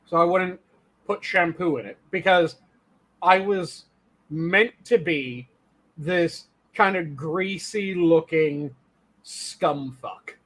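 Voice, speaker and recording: A man's voice: fairly high pitch, slow, fairly bright tone. A man who acts on stage, co-hosting a casual online chat and telling stories emphatically with plenty of swearing. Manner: emphatic, profane storytelling. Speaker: podcast co-host and stage actor.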